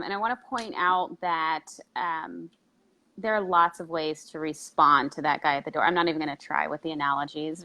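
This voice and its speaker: A woman's voice: mid-range voice, a bit bright. A woman co-hosting a live health stream, speaking conversationally with some hesitations. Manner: conversational, hesitant with fillers and restarts. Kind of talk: casual live video talk.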